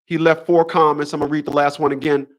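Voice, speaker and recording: A man's voice: a little high, little pitch movement, quick pace. A man in his fifties hosting a casual livestream monologue, emphatic and preachy, often repeating his phrases. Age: 50s. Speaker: host.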